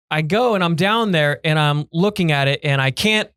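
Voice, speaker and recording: A young man co-hosting a podcast in casual chat, telling an animated story and acting out shouted lines with laughs. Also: fairly high pitch, a little slow, clean tone, no room sound, clean studio sound. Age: young adult. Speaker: podcast co-host.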